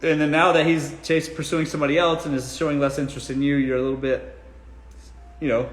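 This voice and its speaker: A man's voice: on the high side, level tone, fast talker, echoey room, faint music behind. A man from South Carolina with a Southern accent, hosting a casual live-stream Q&A on dating and giving blunt, profane, joking answers. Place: room in his home.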